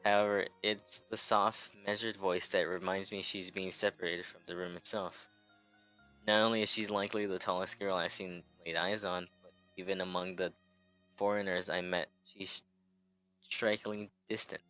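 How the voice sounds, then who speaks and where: A man's voice: low voice, flat delivery, moderate pace, pushed and bright, faint music behind, rough recording. A man casually reading a visual novel aloud with a friend, often stumbling over words and restarting. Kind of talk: casual read-along chat.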